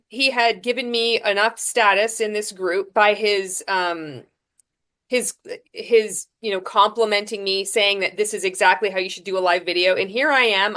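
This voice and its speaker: A woman guest on a podcast, telling her story frankly, with lively restarts and fillers. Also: mid-range voice. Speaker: podcast guest, former MLM seller. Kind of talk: candid storytelling interview.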